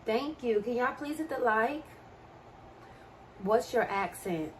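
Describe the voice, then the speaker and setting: A woman's voice: on the high side, expressive, slow, slight background noise. Chatty young woman with a DMV accent. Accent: DMV (Washington, D.C. area) American. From American. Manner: chatty, reads and answers chat comments. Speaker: livestreamer. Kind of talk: casual live-stream chat.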